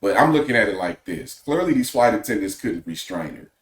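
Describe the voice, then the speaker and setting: A man hosting a podcast, giving measured, opinionated casual commentary. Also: lowish voice, sing-song, reverberant. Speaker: podcast host.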